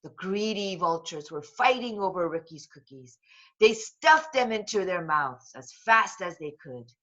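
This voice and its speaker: A woman reading a children's book aloud in a slow, expressive voice. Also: lowish voice, lo-fi sound. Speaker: storybook reader.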